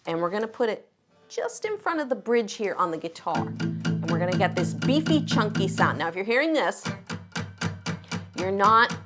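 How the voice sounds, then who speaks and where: Woman guitar teacher, encouraging, steady mid pitch, loud acoustic guitar under her voice. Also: normal speed, pauses often. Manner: encouraging, explains step by step while counting beats. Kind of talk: friendly guitar lesson. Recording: guitar music behind the voice. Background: her own acoustic guitar playing.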